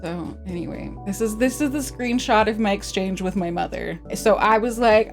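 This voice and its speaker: Giggly streamer woman with a lively voice. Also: on the high side, quick pace, soft background music. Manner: giggly, rambling, animated asides. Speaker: vtuber streamer. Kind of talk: casual educational stream.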